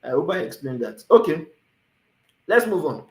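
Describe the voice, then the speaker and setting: A man with a Nigerian accent hosting a livestream Q&A, lively and often asking "you understand?" as he mixes pidgin into his English. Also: on the high side, moderate pace, roomy sound, slight background noise, poor audio. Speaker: immigration consultant, livestream host. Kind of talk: livestream Q&A, reading viewer questions.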